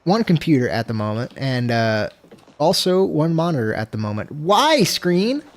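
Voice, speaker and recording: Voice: mid-range voice, sing-song, normal speed. A streamer chatting casually with viewers during a gameplay livestream, swearing freely and breaking into frustrated outbursts. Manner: laid-back, talks to chat.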